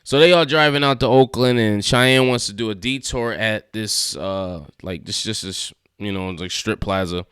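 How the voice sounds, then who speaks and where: A man with a smooth, slightly low voice gives a relaxed, slangy recap of a TV episode. He chuckles as he retells scenes. The sound is dry and close, with no room around him. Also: normal speed, hardly any pauses, no echo. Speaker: TV show reviewer. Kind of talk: casual recap and review.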